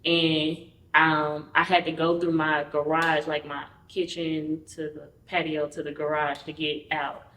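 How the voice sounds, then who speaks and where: A woman guest telling a personal story in an interview. She talks candidly and acts out the quoted dialogue with lively energy. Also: low-pitched, unhurried, a little hiss or hum. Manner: candid, conversational. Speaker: podcast guest. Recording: roomy, mic at a distance.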